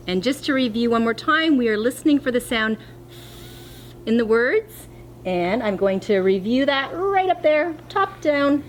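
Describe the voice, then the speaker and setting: Woman teacher, patient and clear for small children, animated pitch, slight hum on the recording. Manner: slow, clear, encouraging teacher talk to young children. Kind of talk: distance-learning phonics lesson.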